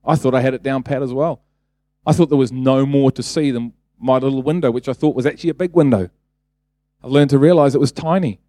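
A man's voice: medium pitch, a little fast, dark tone, no room sound, studio quality. A man preaching a casual sermon, talking conversationally, then building to emphatic bursts and asking the congregation rhetorical questions.

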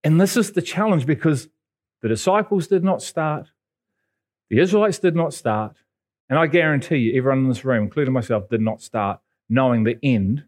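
A man from England, preaching a sermon and telling stories with sudden high jumps in pitch. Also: lively intonation, normal speed, darkish tone. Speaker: pastor.

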